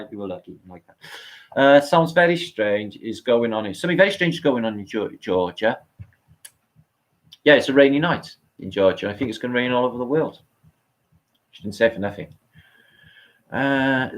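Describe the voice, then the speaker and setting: A man's voice: mid-range voice, poor audio. A middle-aged man hosting a live stream, chatting casually, rambling and swearing as he answers comments.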